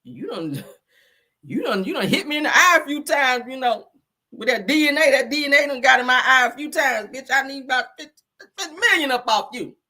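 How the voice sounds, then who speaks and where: A woman voicing a greedy woman who brashly demands millions, shrill and profane. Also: animated, brisk, bright, forceful tone, exaggerated voice. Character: greedy woman tallying up a huge payout.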